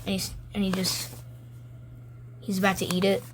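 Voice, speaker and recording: A young woman's mid-range voice comes across completely flat, with slight background noise, as she chats in a casual vlog from a dim room at home. She rambles about her own drawings and reads her comics aloud using quick silly voices.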